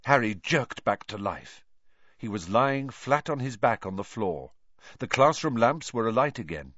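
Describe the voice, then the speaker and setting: A man reading a novel aloud as an audiobook narrator, with expressive delivery. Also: mid-range voice, a little slow, no room sound, lo-fi sound.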